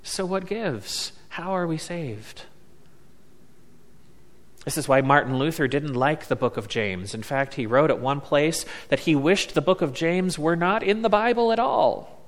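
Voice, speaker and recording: A man preaching a sermon as a pastor, slow and deliberate, leaning on words with emphatic pauses. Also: fairly high pitch, fairly bright tone. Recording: long reverb of a large hall.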